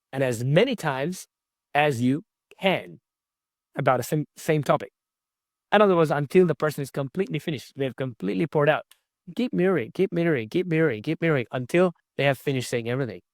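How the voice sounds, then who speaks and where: Lively male communication coach. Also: fairly high pitch, no echo, clean studio sound. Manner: energetic, repetitive, with frequent tag questions. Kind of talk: online course lecture.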